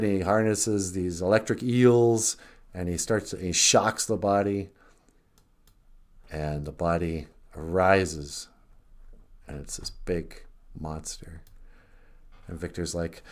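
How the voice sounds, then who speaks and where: A man's voice: low voice, a little mellow. A man co-hosting a podcast, retelling a story casually and rambling, with many restarts. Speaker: podcast co-host.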